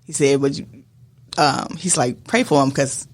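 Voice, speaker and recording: A woman's voice: very deep voice, normal speed. A woman, a catering co-owner, chatting on a podcast and adding her side of her husband's story.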